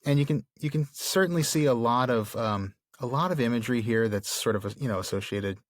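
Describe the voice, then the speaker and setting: A man's voice: mid-range voice, fairly quick, no echo, studio quality. A man co-hosting a podcast, explaining a book thoughtfully in casual talk, with many fillers. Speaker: podcast co-host. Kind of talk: casual literary discussion.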